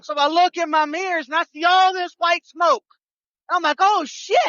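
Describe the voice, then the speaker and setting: A man, a trucker co-host telling a road story on a live show, animated and restarting his sentences. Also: very high voice, normal speed, no echo, highs cut off.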